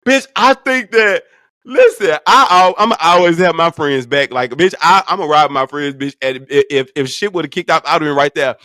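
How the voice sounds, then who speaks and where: A young adult man hosting a casual vlog, telling a story in a profane, animated way. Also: fairly high pitch, moderate pace, no echo, studio quality. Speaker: vlog host.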